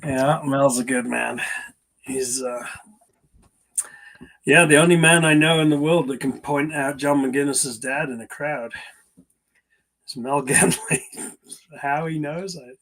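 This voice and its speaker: Podcast guest from the isle of man, husky voice, dry wit, laid-back. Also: a little high, fairly even intonation, slow pace, pauses often, a bit bright, low-quality recording. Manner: dry, wry humor. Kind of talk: casual chat.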